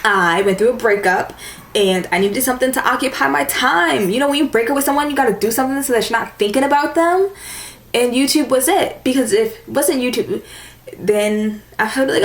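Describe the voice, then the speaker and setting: A woman's voice: fairly high pitch, a little fast, a little hiss or hum. A young woman chatting casually to camera as a beauty vlogger, with a valley-girl lilt and lots of "like". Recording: echoey room with faint ambience.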